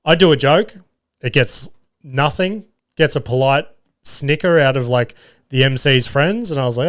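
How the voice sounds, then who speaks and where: Podcast host, young Aussie man, clear mid-pitched voice, loose and profane anecdote-telling. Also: lively intonation, measured pace. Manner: swearing, laughing anecdotes. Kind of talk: casual storytelling.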